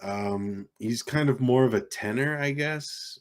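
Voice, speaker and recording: A young man with a Southern American accent and a deep baritone voice, chatting casually on a live stream, reading viewer comments aloud and rambling with frequent chuckles. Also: a little slow. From South Carolina, USA. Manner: rambling, chuckles often, reads chat aloud.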